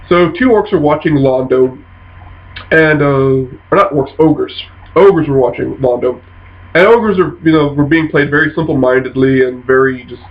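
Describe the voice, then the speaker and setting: A man casually telling a funny story from a tabletop game session, jumping into quoted voices with animated bursts. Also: fairly high pitch. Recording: dull lo-fi sound.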